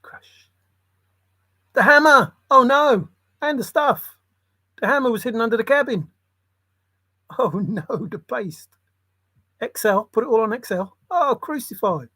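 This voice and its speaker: A man's voice: very high-pitched, animated, unhurried, pauses often, pushed and bright, husky, dry recording. A man rambling in a solo monologue, muttering to himself and breaking into sudden exclamations. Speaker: channel host.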